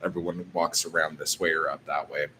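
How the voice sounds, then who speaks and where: A man's voice: a bass voice, flat delivery, fairly quick, pushed and bright, a little hiss or hum. A man vlogging casually, rambling through a story full of filler words and swearing.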